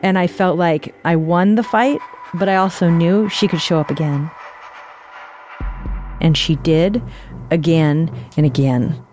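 Woman telling a personal story, chatty, says like a lot, lowish voice, faint music behind. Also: unhurried, long pauses, darkish tone. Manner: casual, conversational, with fillers like "like".

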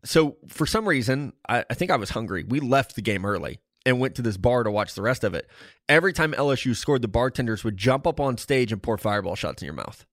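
A man's voice: mid-range voice, expressive, a little fast, fairly bright tone, dry recording, studio quality. A young adult man co-hosting a podcast, telling stories in casual chat with laughs. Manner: storytelling, laughing. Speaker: podcast co-host.

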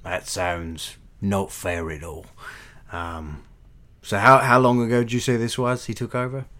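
A man voicing a wry turtle adventurer who rambles and hesitates as he talks. His voice is deep and low in a tabletop game. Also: little pitch movement, measured pace, bright, forceful tone. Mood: hungry. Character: hungry, wisecracking male turtle adventurer seeking vengeance.

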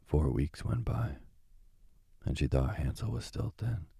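A man reading a fairy tale aloud as a calm bedtime sleep story, slow and soothing. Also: extremely low pitch, creaky, slightly rough, no room sound, clean studio sound.

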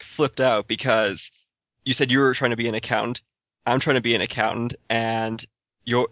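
A man co-hosting a podcast, with a bright, forceful voice. He laughs easily and likes to tell anecdotes. The audio is dry and somewhat dull. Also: medium pitch, no echo. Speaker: podcast co-host. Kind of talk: casual podcast chat.

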